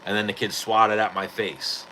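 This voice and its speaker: Forceful low-voiced man telling a fight story. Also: moderate pace, slight background noise, low-quality recording. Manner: profane, animated retelling of a street fight. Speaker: podcast host. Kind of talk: casual storytelling.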